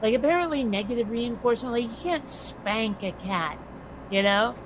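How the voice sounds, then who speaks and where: An American woman co-hosting a casual chat, blunt and quick to swear. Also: on the high side, expressive. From United States. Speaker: podcast co-host. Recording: noisy background.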